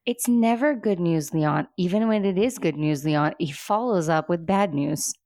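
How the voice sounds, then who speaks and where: A woman co-hosting a casual recap chat about a TV episode, playful and joking with quick quips. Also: on the low side, mellow, dry recording, studio quality. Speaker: podcast co-host.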